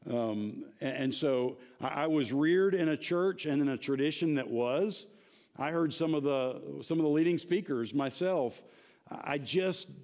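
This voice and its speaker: A man leads a church Bible class in a relaxed, emphatic manner, often pausing to ask if his listeners follow. His voice sits a little high for a man. He is speaking in a church classroom. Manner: conversational, emphatic, asks the class questions. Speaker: Bible study teacher.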